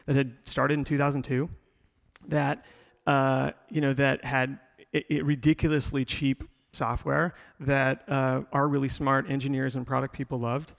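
A middle-aged man with a gravelly, creaky voice tells his career story in a rambling way, full of "uh"s and restarts. He speaks at a medium pitch. His voice rings out with the long reverb of a large hall. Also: flat delivery, moderate pace. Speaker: tech company executive guest.

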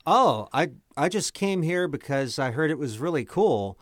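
A man's voice: on the high side, animated, moderate pace, no room sound, clean studio sound. A man playing a dwarf in a tabletop game, chatty and rambling, often restarting his words. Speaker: player.

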